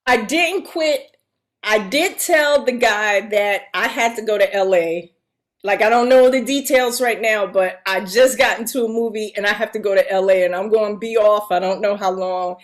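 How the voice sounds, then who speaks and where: A middle-aged woman, a guest actress, telling a story in a casual, animated way, acting out the voices of other people and laughing often. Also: mid-range voice, normal speed.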